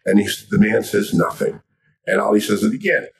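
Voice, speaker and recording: An older man from Miami, a guest telling a story with lively animation. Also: fairly low pitch, moderate pace, creaky, recorded from a distance. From Miami, Florida. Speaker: guest, sports interviewer. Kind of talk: storytelling in a chat.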